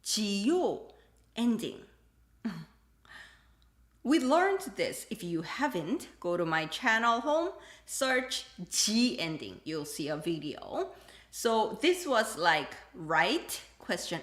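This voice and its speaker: A woman teaching a live-streamed language lesson, animated and acting out example dialogues as she switches between English and Korean. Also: on the high side, slow pace, reverberant.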